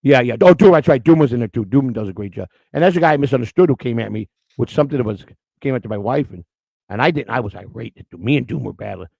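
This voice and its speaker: A man's voice: medium pitch, expressive, fast talker, gravelly, a little mellow, no room sound. A middle-aged man hosting a livestream, rambling through stories and chatting crudely and emotionally with his viewers. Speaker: livestream host. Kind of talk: casual chat with the live chat.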